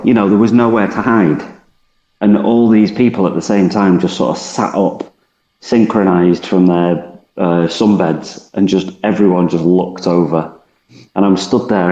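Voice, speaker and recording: Low-voiced man with a laugh, roomy. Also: darkish tone. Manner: laughs often, storytelling. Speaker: podcast co-host. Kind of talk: casual chat. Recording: roomy dull lo-fi sound.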